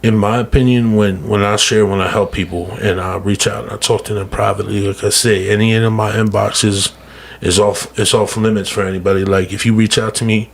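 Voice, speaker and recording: A man's voice: lowish voice, level tone, a little fast, vocal fry. A man speaking earnestly as a podcast guest, casual and emphatic, often repeating words and calling people "bro.". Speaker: guest speaker on mental health. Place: podcast studio.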